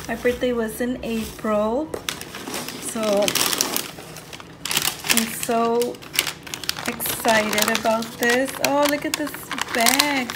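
A woman hosting a casual craft unboxing vlog, gushing with excitement over each item she opens. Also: on the high side, slow, very noisy. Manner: gushing, excited, says "so cute" often. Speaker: craft channel host.

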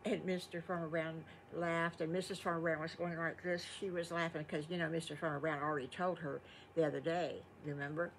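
A woman's voice: low-pitched, little pitch movement, fairly quick, a little hiss or hum. A grandmotherly older woman spinning a made-up bedtime story, folksy and chatty. She talks straight to the children, slipping in little asides along the way.

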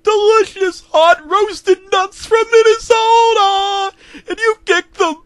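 A man voicing a demonic male mailman who screams in a high-pitched, frantic way in a comedic horror story. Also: steady tone, slow. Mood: shrieking. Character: demonic grown male mailman, shrieking in pain.

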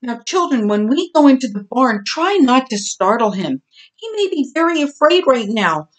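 A woman's voice: high voice, sing-song, moderate pace, voice pushed up. A woman voicing a caring mother pig with a soothing, motherly way of talking, in a storybook reading.

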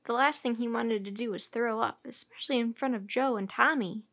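A woman reads a children's chapter book aloud. Her voice sits fairly high and her narration stays steady and clear. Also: fairly quick. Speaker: storyteller.

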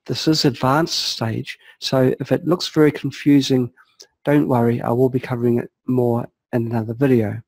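A man calmly narrating a software walkthrough step by step, explaining each setting as he clicks through it. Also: medium pitch, normal speed, creaky, no echo, poor audio. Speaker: software tutorial presenter. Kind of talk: screen-recorded software walkthrough.

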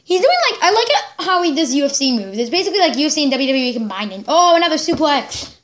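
This high-pitched, fast-talking woman hosts a reaction video, reacting live with excitement and laughing and exclaiming as the footage plays.

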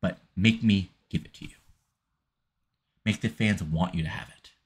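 A man's voice: deep voice, moderate pace, slightly rough. A man reading out the lines of a brash male wrestling TV executive in a salesy, lecturing tone.

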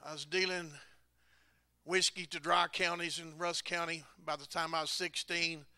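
A man's voice: on the high side, little pitch movement, moderate pace, pushed and bright, no echo, studio quality. A man preaching a testimony, telling folksy stories and laughing at himself. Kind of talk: testimony sermon. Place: church sanctuary.

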